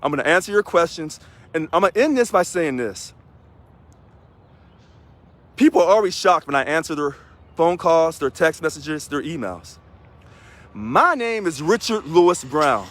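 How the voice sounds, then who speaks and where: A man from Missouri, a union president, giving an energetic video address to union members and emphatically repeating key phrases. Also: on the high side, normal speed, pauses often.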